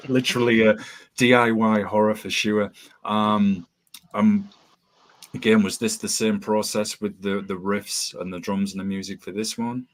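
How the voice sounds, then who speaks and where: A man's voice: fairly low pitch, flat delivery, normal speed. A man hosting a podcast interview, rambling with lots of ums and restarts over a video call. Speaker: podcast host. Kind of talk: casual interview chat.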